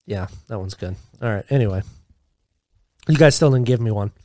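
Joking, foul-mouthed young podcast host. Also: male voice, on the low side, normal speed, warm tone, no echo, studio quality. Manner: joking, swears freely, rambling. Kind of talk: casual chat.

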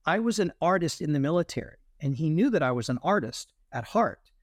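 Animated man telling his story. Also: fairly high pitch, a little fast, no echo, clean studio sound. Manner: animated storyteller, acts out quoted voices. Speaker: guest, military veteran and artist. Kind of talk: testimony in an interview.

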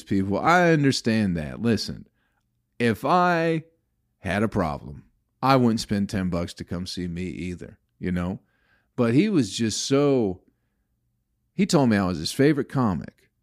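A man's voice: mid-range voice, darkish tone. A male comedian telling a rambling, profane story in a casual podcast, growing exasperated as he talks.

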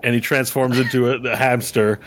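A man's voice: medium pitch, level tone, fairly quick. A man running a tabletop game as game master, narrating loosely with fillers. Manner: rambling with fillers and laughs.

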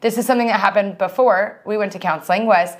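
A woman in her thirties co-hosting a podcast, chatting casually and teasing her friend, quick to laugh. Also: medium pitch. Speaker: podcast co-host. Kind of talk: casual chat.

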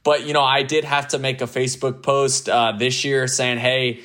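A man's voice: medium pitch, level tone, moderate pace, a bit bright. A man from the Tampa area, a pro ballplayer, chatting as an interview guest with lots of fillers and laughter. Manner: loose, laughing, full of fillers. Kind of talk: casual interview chat.

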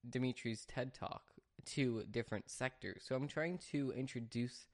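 A man's voice: medium pitch, normal speed. This is a man hosting his own podcast from a home studio. He talks in a loose, rambling monologue, full of restarts and little detours before he finds his point again. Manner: rambling, chatty, restarts and sidetracks. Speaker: podcast host. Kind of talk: casual solo podcast monologue.

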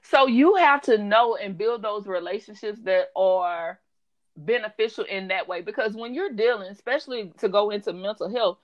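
A woman who works in mental health, telling animated stories in casual chat, laughing often and quoting people. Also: medium pitch, moderate pace, dull audio.

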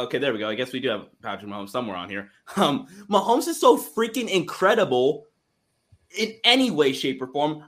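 A man co-hosting a casual sports talk show, excitable and rambling, often restarting his sentences. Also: mid-range voice. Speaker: co-host.

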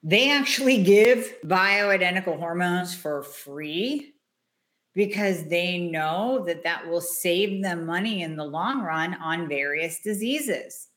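A woman hosting a health podcast, speaking bluntly and emphatically, with casual swearing and long rapid lists. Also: fairly low pitch, lively intonation, a bit bright. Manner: runs quickly through long lists. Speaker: hormone health practitioner and podcast host. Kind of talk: solo podcast monologue giving health advice.

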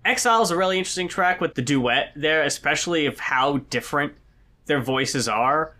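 A man co-hosting a podcast, talking casually about songs, animated and quick to swear and laugh. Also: fairly high pitch. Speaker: podcast co-host. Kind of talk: casual album review chat.

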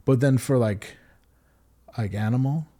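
A man co-hosting a podcast, chatting casually and excitedly about music videos, swearing freely and using many fillers. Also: medium pitch, unhurried. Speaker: podcast co-host.

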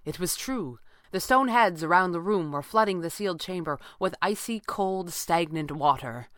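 A woman narrating an adventure story in a steady, measured audiobook style. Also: on the low side, no echo, studio quality.

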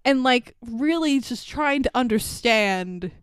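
A young woman co-hosting a casual movie recap podcast, animated and sarcastic, swearing freely and laughing often. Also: on the high side, slow, clear, resonant tone, dry recording, clean studio sound. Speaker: podcast co-host.

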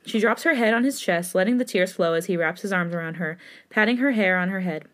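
A woman podcast host reading fan fiction aloud in steady third-person narration, with laughing asides. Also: fairly low pitch, fast.

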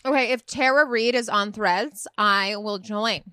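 A woman's voice: medium pitch, unhurried, pushed and bright, clear, resonant tone, dry recording, studio quality. A woman in her thirties co-hosting a podcast, chatty and gossipy in casual conversation. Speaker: podcast co-host. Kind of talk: casual chat.

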